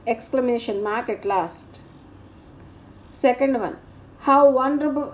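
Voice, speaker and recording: A woman, speaking as a teacher. She goes through grammar exercises in a slow, deliberate dictation, naming each answer and punctuation mark. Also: sits high.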